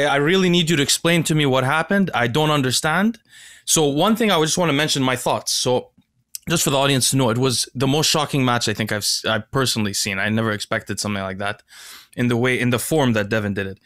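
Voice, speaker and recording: A man hosting a casual talk show, excitable and speaking directly to his audience. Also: mid-range voice, brisk. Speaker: podcast host. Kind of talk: casual conversation.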